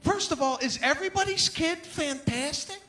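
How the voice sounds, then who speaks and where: A man performing a stand-up comedy set on stage, animated and acting out the people in his stories. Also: very high-pitched, moderate pace. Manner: animated, acts out characters' voices. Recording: live show with audience noise.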